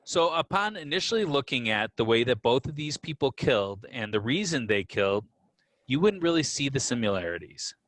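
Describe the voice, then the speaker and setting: Talking fairly quickly at a middling pitch, this podcast co-host lays out history through casual conversational storytelling, relaxed and full of asides, fillers, and restarts. The sound is close and dry without room echo.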